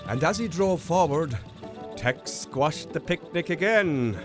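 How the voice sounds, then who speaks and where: Slow, lively storyteller. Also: male voice, fairly high pitch. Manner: gentle, expressive, unhurried storytelling. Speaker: narrator. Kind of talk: children's storybook narration. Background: music.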